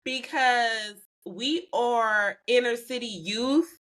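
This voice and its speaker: A woman co-hosting a podcast, joking playfully and firing off quick quips in casual chat. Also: a little high, a bit bright. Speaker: podcast co-host. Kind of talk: casual pop-culture chat.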